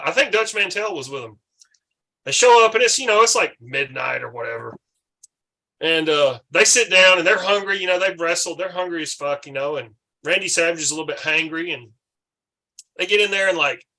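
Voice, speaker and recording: Man, podcast host, rowdy storyteller, swears a lot; bright, fairly high voice. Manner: animated storyteller, swearing freely. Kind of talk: casual storytelling chat.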